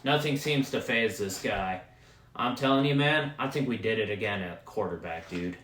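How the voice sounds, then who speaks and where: A man's voice: on the low side, lively intonation, normal speed, fairly bright tone, slight background noise. A man from Wisconsin hosting a solo podcast, ranting about football with heavy profanity. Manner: profane, heated sports ranting. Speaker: podcast host. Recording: roomy echo.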